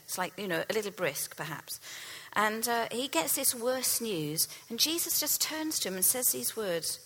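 A woman preaching a sermon, retelling a Bible story with earnest storytelling and dropping to a soft hush for key lines. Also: on the high side, very animated, moderate pace, poor audio.

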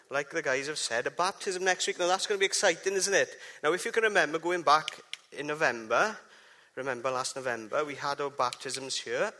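Bright-voiced chatty preacher. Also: male voice, fairly high pitch. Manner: chatty, jokey, addresses the congregation with questions. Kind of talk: informal church talk.

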